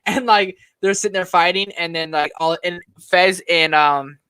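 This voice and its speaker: A man's voice: high-pitched, moderate pace, bright, forceful tone, clear, resonant tone, no room sound. A young man co-hosting a casual chat, laid-back and laughing at favorite scenes. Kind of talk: casual live-stream chat.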